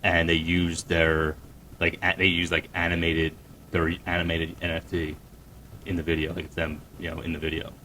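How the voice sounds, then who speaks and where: Podcast co-host, a man with a very deep voice, rambling and hesitant, faint noise behind. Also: monotone, bright, forceful tone. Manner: halting, hedging with fillers. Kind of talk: casual chat.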